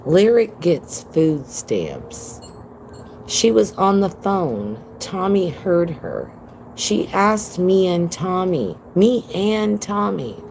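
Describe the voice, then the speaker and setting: A woman's voice: lowish voice, sing-song, very slow, gravelly, a little mellow, a little hiss or hum, poor audio. A woman livestreaming from home on her phone, telling a story to her viewers in a blunt, profane, emphatic way and calling them "girl". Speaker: livestream host.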